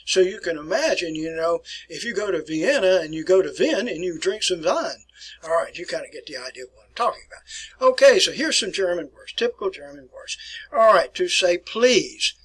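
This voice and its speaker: A man's voice: high-pitched, expressive, normal speed, fairly bright tone, breathy edge, rough recording. A man teaching a class in a folksy, repetitive way, often saying words twice and calling his listeners folks. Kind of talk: classroom lecture.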